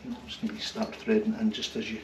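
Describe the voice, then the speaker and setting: A man working on an old car engine and talking to himself, muttering quietly, with bursts of excitement. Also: fairly low pitch, fast talker, lo-fi sound. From Scotland. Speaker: car restorer. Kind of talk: casual workshop commentary. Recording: roomy, distant, noisy workshop sound.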